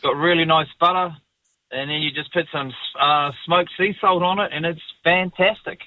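A man's voice: on the high side, steady tone, normal speed, no echo. A man with a New Zealand accent calling in to a radio show, blunt and forever saying mate. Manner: blunt, says mate constantly. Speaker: caller. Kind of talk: phone-in chat. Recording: tinny phone line.

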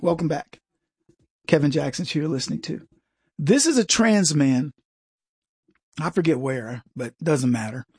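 A man's voice: on the high side, expressive, a little slow, long pauses, breathy edge, no echo, clean studio sound. A man hosting a commentary show, talking in a rambling way and mimicking voices in his anecdotes. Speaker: show host. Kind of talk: opinionated commentary.

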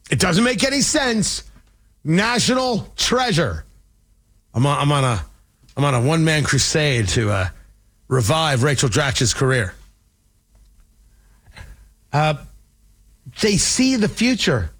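A male talk radio host from Indiana with a high, lively voice that swings all over. He's sarcastic and rambling, riffing off on tangents between points. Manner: sarcastic, animated, digressive. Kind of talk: political commentary.

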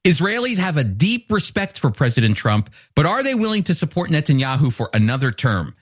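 A man's voice: a little high, very animated, brisk, no echo. A man giving a sermon-style Bible teaching, earnest and explanatory, often restarting words mid-thought.

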